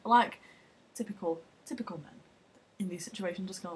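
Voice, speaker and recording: A woman's voice: lowish voice, moderate pace, husky. A young woman, chatting casually and retelling a film plot in a rambling, sweary, giggly way. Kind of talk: casual comedic chat.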